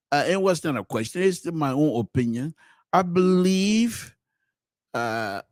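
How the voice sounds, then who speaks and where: A podcast host tells a story as animated commentary, swinging between loud exclamations and low murmurs, frequently restarting and repeating words. The studio-quality recording has no room sound.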